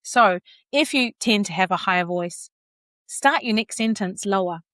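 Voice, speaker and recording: Animated woman vocal coach, dry sound. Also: normal speed, no room sound. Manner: animated, demonstrates pitch and phrases aloud, laughs often. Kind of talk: conversational coaching advice.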